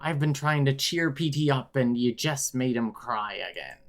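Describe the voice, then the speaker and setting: A woman voicing a gruff male pirate imaginary friend who talks in drawn-out pirate speech. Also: rumbling low. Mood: scolding. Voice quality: pirate-talking, drawn-out words.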